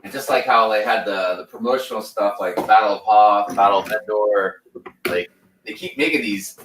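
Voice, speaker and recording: A man's voice: on the low side, normal speed, a bit bright. A man in a laid-back, easygoing casual chat, often calling the other man "man" or "dude". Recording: echoey room, distant mic, faint noise.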